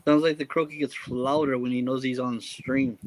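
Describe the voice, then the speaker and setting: A man's voice: medium pitch, level tone, moderate pace, low-quality recording. A man calling in to a live stream from home, chatting in a loose, rambling way. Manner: easygoing, rambling, loose grammar. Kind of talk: casual chat. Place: home in Hawaii.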